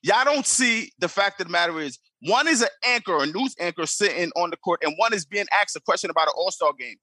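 Bright, husky, insistent man. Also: high-pitched, animated, quick pace, no echo. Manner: insistent, repeats himself while arguing. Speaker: podcast co-host. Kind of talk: casual sports debate.

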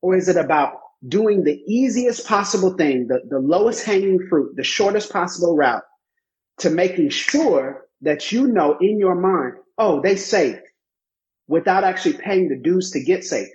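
A man's voice: high-pitched, expressive, moderate pace, a little mellow. Emphatic man, preachy, slightly muffled. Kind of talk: casual conversational podcast.

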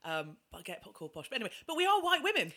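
A woman's voice: a little high, huge pitch swings, racing, sharp tone. A woman with a posh-sounding English accent co-hosting a podcast, wry and self-mocking in casual chat. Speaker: podcast co-host.

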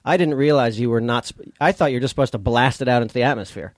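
A man from New York City co-hosting a casual podcast, rattling off rambling stories at a quick clip. His voice sounds dry and close on the mic. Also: medium pitch, dry recording. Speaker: podcast co-host.

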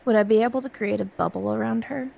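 A woman's voice: medium pitch, fast, gravelly, warm tone, dull audio, a little hiss or hum. A woman playing a tabletop role-playing game, asking questions in a hesitant way. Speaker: player. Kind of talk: casual game table chat.

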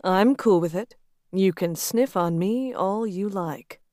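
A woman's voice: mid-range voice, takes it slowly, a little mellow, dry recording, studio quality, lightly acted. Woman voicing a drawling, amused male executive. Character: confident flirtatious male executive.

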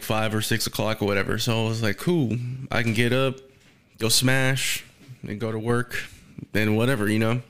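A man's voice: medium pitch, a bit bright, clean tone. A young man telling a rambling, crude story in casual podcast chat, swearing and laughing often. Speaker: storyteller guest.

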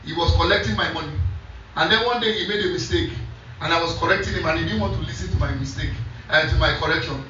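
A man's voice: fairly high pitch, quick pace, sharp tone, slight background noise. Preaching man in an echoey hall. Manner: storytelling, repeating scripture back to the congregation. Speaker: pastor. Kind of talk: sermon. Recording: echoey church hall from a distance, dull sound.

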